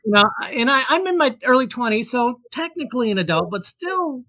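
Bright-voiced man telling a rambling story. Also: extremely high pitch, sing-song, brisk, dry recording. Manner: rambling, many fillers and restarts; acts out quoted voices. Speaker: guest storyteller. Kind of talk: casual anecdote.

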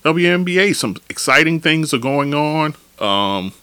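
A man hosting a solo basketball podcast, ranting in an animated, opinionated, slangy way. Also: on the high side, measured pace, clear, resonant tone, no echo. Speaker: podcast host.

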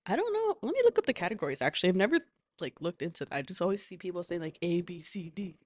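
A woman co-hosting a podcast in a studio, lively and expressive, giggling and saying "like" a lot. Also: fairly low pitch, very fast, no echo. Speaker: podcast co-host. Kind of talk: casual chat.

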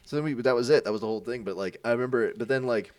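A man's voice: mid-range voice, rapid-fire, dry recording, far from the mic. A young man in a podcast chat, telling a story with lots of swearing and acted-out quotes. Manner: animated, acts out quoted voices, swears a lot.

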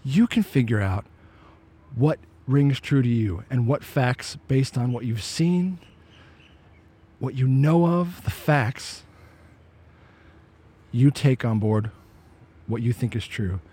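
A man's voice: mid-range voice, slow, pauses often, mellow, slightly rough. A man giving an emphatic, opinionated commentary monologue, with sarcastic asides. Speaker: vlogger.

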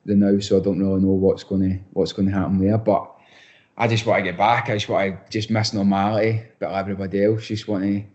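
Young Scottish footballer, low mellow voice. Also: male voice, little pitch movement, muffled recording. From Scotland. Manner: chatty, repeats words, quick asides. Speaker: footballer guest. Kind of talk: casual podcast interview.

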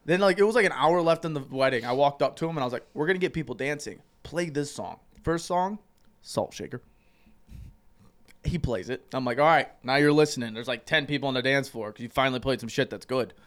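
A young man on a casual podcast, telling stories with lots of swearing and loud mimicking. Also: brisk. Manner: animated, profane, jumps into loud high voices when quoting. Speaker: podcast co-host. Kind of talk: casual storytelling chat.

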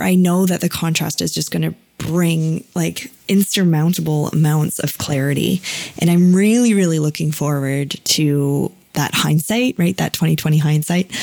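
A woman hosts a podcast and shares a personal story in a rambling, heartfelt way, full of fillers and self-corrections. Her voice sits low with a gravelly fry. The sound is dry and close, with no room around it. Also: darkish tone, no room sound. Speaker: podcast host. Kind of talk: personal, candid podcast talk.

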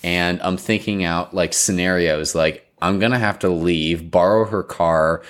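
A young man casually telling an embarrassing story, animated and rambling with lots of fillers. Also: sits low, measured pace.

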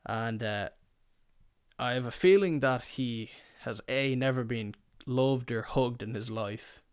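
A young man tells a shop story on his podcast in a loose, rambling way. He swears freely and pokes fun at himself, and his voice sits at a middling pitch. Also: slow pace, smooth, dry recording, clean studio sound. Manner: rambling, profane, self-mocking. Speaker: podcast host. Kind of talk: casual storytelling.

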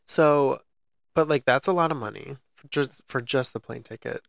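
A young man talks in a relaxed, rambling way, piling up fillers as he tells a story. His voice has a gravelly edge, and it sits in a dry, close recording with no room sound. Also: mid-range voice, normal speed, no echo. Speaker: podcast co-host. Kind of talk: casual chat.

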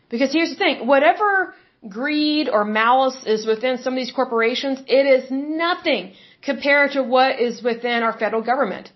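A woman with a high, bright-pitched voice talks through her views as a podcast host, emphatic and repetitive, with a touch of hiccups. The recording sounds a little dull and lo-fi. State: has hiccups. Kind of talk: opinionated solo commentary.

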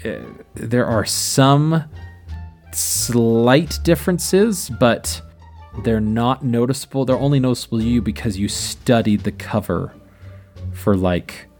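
A man's voice: mid-range voice, takes it slowly, darkish tone. A man guides players through a tabletop game as game master. His narration is loose and rambling, full of small fillers and restarts, with faint music in the background.

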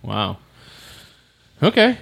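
A man hosting a casual sports podcast, laughing often and pausing with fillers. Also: medium pitch, huge pitch swings, vocal fry, a bit bright. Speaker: podcast host.

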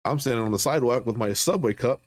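A middle-aged man swaps stories in loose, foul-mouthed chat, laughing at his own jokes as he goes. His voice sits at an ordinary middle pitch. The sound is close and dry, with no room around it. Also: fast, a little mellow, dry recording. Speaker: veteran podcast co-host. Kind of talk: casual storytelling chat.

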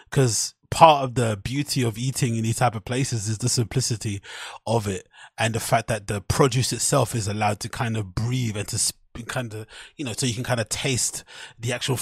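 A man's voice: medium pitch, breathy edge, no room sound, clean studio sound. A man hosting a podcast, rambling in a loose, profane way with frequent fillers and amused laughter. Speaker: podcast host. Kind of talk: casual solo podcast rambling.

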